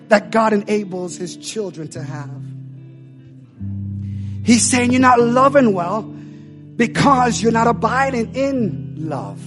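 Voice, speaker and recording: High-voiced man preaching loudly. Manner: preaching loudly, urging the congregation with repeated calls. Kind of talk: impassioned sermon.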